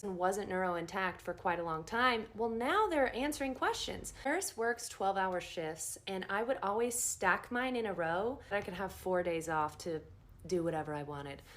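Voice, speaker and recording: A woman nurse telling a story in a casual first-person way, animated and acting out the dialogue. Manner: animated, acts out quoted dialogue with big pitch jumps.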